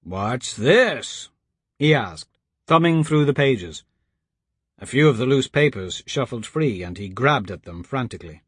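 A man reading a children's adventure story aloud in an even, steady storytelling manner. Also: mid-range voice, moderate pace, husky, no echo, clean studio sound. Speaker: narrator. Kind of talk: audiobook narration.

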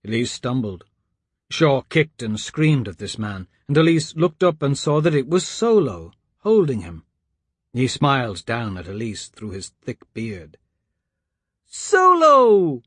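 A man reading a children's adventure story aloud in an even, steady storytelling manner. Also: medium pitch, unhurried, breathy edge, no room sound, studio quality. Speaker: narrator. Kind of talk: audiobook narration.

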